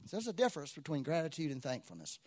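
Animated preacher man, higher voice. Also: very fast. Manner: animated storytelling, swinging between loud exclamation and quiet asides. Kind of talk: sermon.

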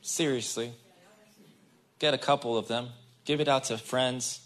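A man gives a casual, conversational sermon. His voice sits at an ordinary middle pitch. He talks straight to the congregation and acts out the people in the story. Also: fairly even intonation, a little slow, fairly bright tone. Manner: casual and chatty, addresses the congregation directly. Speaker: guest preacher.

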